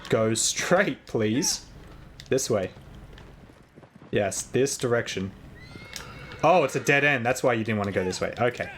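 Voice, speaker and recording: A man live-streaming a game, chatting casually with viewers and thinking aloud in an excitable, rambling way, sometimes shouting at his in-game horse. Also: medium pitch, a little slow, pauses often, a little hiss or hum.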